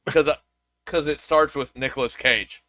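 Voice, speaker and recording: A man's voice: a little high, steady tone, moderate pace, sharp tone, dry recording. A young man co-hosting a podcast, chatting loosely, laughing and often restarting his sentences. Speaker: podcast co-host. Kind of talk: casual chat.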